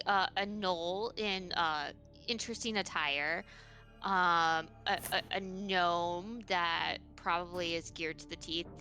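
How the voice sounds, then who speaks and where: A woman's voice: medium pitch, bright, forceful tone. A woman playing a tabletop game, chatty and a bit hesitant. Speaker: player. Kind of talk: casual tabletop play.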